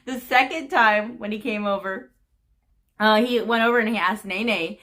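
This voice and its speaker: A young woman from the United States telling a story to her camera in a giggly, animated, gushing way. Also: medium pitch, normal speed. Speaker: vlogger.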